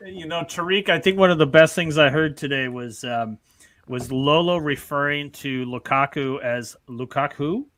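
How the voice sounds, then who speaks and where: Midwestern co-host, dry humor, slightly high voice, close dry mic. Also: male voice, moderate pace, fairly bright tone, dry recording. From American Midwest, Minnesota. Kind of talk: casual fan show chat.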